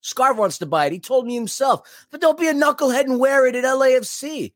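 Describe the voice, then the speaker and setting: A man's voice: very high voice, lively intonation, brisk, dry recording, studio quality. A man co-hosting a casual soccer podcast, speaking emphatically and with strong opinions. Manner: emphatic, opinionated fan talk. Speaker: podcast co-host. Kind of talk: casual chat.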